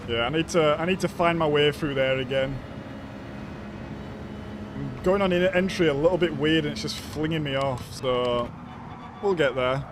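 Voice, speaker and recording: A man's voice: a little high, normal speed, long pauses, noisy background. A man streaming a racing game live, talking casually as he reacts to the race.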